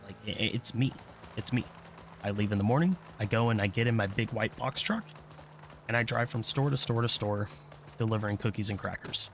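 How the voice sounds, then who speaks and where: Gravelly, blunt man telling a story. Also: on the low side, fairly bright tone, a little hiss or hum. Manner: blunt, profane, candid, quotes others in his own voice. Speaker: vlogger. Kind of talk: casual storytelling monologue.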